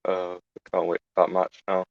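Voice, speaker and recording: Deep-voiced podcast co-host, dull dry mic. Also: male voice, completely flat delivery, moderate pace, gravelly, no room sound. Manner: brief interjections, dry jokes. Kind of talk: casual chat.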